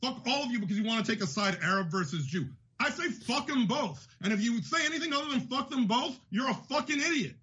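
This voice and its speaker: Male podcast host, very high bright voice, angry profane rant, lo-fi sound. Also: expressive, fast, few pauses. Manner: furious, profane, shouting. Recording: dull lo-fi audio.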